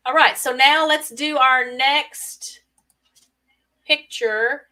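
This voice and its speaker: A woman's voice: high-pitched, steady tone, extremely slow, pushed and bright, distant mic, low-quality recording. A woman hosting a casual live-stream party game, chatty and laughing often as she reads out viewer comments.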